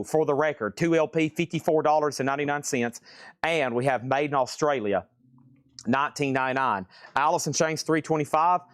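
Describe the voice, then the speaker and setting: A man running a live online record sale and auction, calling out titles and prices in quick bursts with frequent exclamations of surprise. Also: fairly high pitch, dry recording, studio quality. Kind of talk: live online sales stream.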